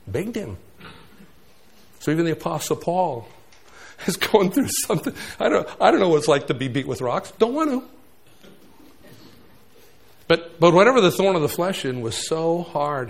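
An older man in his sixties delivers a lively sermon. His voice sits somewhat high for a man, and he swings from loud, emphatic bursts down to quiet, hushed asides. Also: normal speed, creaky, long pauses. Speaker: preacher.

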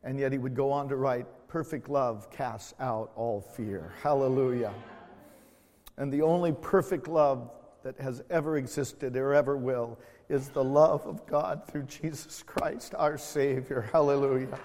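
A middle-aged man preaching a sermon in a church, slow and emotional, swelling loud then dropping to quiet tones. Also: medium pitch, fairly even intonation, big-room sound, slight background noise. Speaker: pastor. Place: church sanctuary.

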